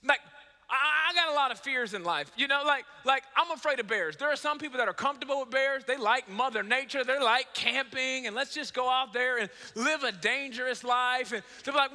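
A man in his thirties, a pastor preaching a sermon, telling stories in an animated way, acting out dialogue and joking about himself. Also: extremely high pitch, brisk. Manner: animated storytelling, acts out dialogue, self-mocking humor. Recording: long hall reverb.

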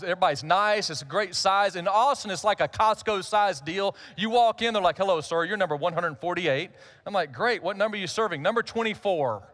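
A man's voice: high-pitched, a bit bright. A middle-aged male pastor, telling a humorous personal story in a conversational sermon.

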